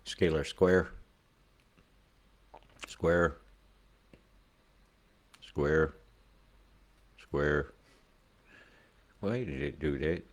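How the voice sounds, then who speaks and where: A man's voice: extremely low pitch, steady tone, very slow, long pauses. A man giving casual weather commentary over satellite images, rambling, profane and conspiratorial.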